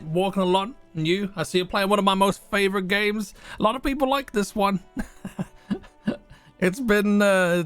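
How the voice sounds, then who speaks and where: A man's voice: a little high, smooth. A man streaming a video game live, chatting casually and laughing with viewers, with plenty of fillers. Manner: relaxed, chatty, filler-heavy, laughs easily. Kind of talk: casual livestream chat while playing.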